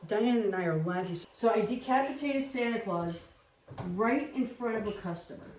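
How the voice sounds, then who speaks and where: A young woman telling stories from her life in a lively, casual way, acting out the people she quotes and swearing freely. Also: a little high, normal speed, distant mic, a little hiss or hum. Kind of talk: casual storytelling. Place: home kitchen. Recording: echoey room.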